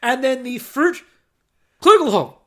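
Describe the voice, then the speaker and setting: A man co-hosting a podcast, telling stories in a lively, animated way and swearing casually. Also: high-pitched, moderate pace. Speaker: podcast co-host.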